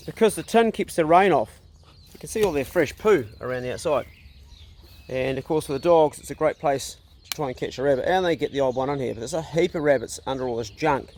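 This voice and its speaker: A man's voice: a little high, darkish tone, a little hiss or hum. A middle-aged man chatting casually outdoors on a farm, talking to his dogs and laughing at himself. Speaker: farm vlogger. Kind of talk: casual vlog chat.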